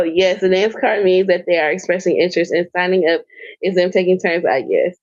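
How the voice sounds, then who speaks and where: A woman's voice: medium pitch, fairly even intonation, brisk, no room sound, dull audio. A woman co-hosting a podcast, recapping a show in loose casual chat, swearing and laughing as she rambles with fillers. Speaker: podcast co-host.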